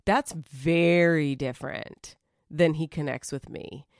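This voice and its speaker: A woman's voice: sits low, steady tone, slow, darkish tone, no echo, studio quality. A woman co-hosting a podcast, speaking candidly and emotionally in casual conversation, pushing back at times. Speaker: podcast co-host.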